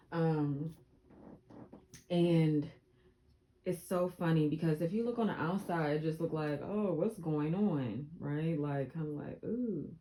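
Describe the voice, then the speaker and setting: A young woman speaks to her viewers in a casual motivational vlog. Her voice sits low and mellow. She talks earnestly and repeats lines for emphasis. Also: rough recording. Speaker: vlogger.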